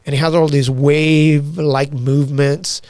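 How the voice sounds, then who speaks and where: A man's voice: on the high side, unhurried, dry recording. A man from Argentina, a podcast guest, telling a story in casual chat with lots of profanity, acting out the dialogue. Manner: animated, profane, acts out quoted dialogue.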